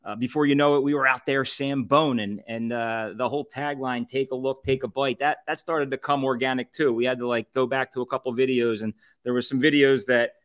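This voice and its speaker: A man's voice: medium pitch, fairly even intonation, brisk, few pauses, fairly bright tone. Laughing, rambling Philly guy. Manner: rambling, laughs often, many fillers and restarts. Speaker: podcast guest, co-founder of a food review group. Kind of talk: casual storytelling chat.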